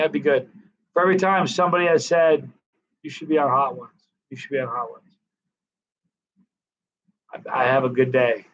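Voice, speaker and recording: A middle-aged man hosts a live stream, speaking in a somewhat high voice. He tells loose anecdotes, restarts sentences and acts out what others said. The sound is muffled and lo-fi, as if from a basic live feed. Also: a bit bright. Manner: rambling anecdotes with restarts and quoted dialogue. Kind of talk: casual storytelling to live viewers.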